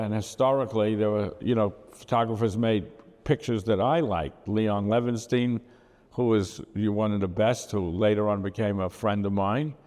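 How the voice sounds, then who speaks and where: A man's voice: lowish voice, a little mellow, big-room sound. Blunt older man with a Brooklyn accent. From United States. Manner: blunt, rambling, full of asides and fillers. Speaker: photographer. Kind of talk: talk about his photographs.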